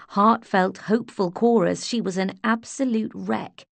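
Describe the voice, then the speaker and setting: A woman narrating an audiobook in a measured, unhurried way, close to the mic. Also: medium pitch, creaky, no room sound. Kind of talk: scripted narration.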